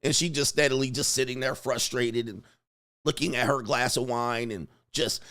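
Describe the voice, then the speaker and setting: A man's voice: medium pitch, moderate pace. A middle-aged man hosting a casual livestream, telling a story with slang and laughter and reading viewer comments aloud. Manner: animated, laughing, slangy, reads chat aloud. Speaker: livestream host.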